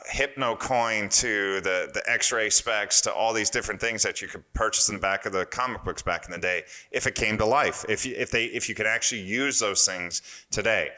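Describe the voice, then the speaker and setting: A man in his fifties with a bright, forceful voice tells a story on a podcast. He is animated and excitable, and he acts out the other people's words as he goes. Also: lowish voice. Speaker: guest, former wrestler and strength coach.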